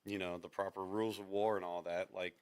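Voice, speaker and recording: A man's voice: deep voice, little pitch movement, brisk, darkish tone, clear, resonant tone. A man co-hosting a podcast, rambling in casual chat, swearing and acting out quotes as he goes. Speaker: podcast co-host.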